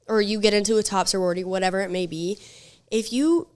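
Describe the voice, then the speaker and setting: A woman's voice: medium pitch, steady tone, quick pace, a little mellow. A young woman hosting a podcast in casual chat, blunt and swearing freely as she tells stories. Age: young adult. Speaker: podcast host.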